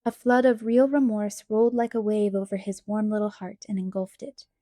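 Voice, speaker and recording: A woman narrating an audiobook chapter in a measured, expressive storytelling voice. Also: medium pitch, dry recording, studio quality. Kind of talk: scripted narration.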